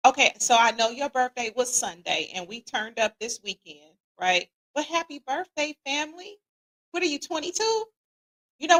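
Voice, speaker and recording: A middle-aged woman, hosting a casual livestream and greeting viewers in a lively, slangy, playful way. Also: sits high. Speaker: podcast host.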